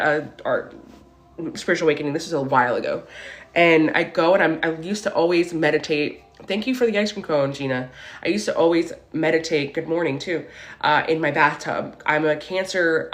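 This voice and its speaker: A woman in her forties hosting a casual spiritual live stream. She chats excitedly, tells stories and greets viewers as she goes. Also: deep voice. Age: 40s. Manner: chatty, greets and thanks viewers as she talks.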